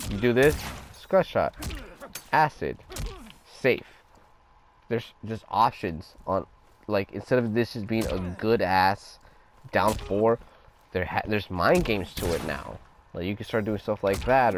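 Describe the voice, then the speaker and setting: Profane, casual gamer man, low voice. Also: a little hiss or hum. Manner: profane, loose and conversational, talks over gameplay. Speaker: gaming guide creator. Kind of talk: casual gameplay tutorial commentary.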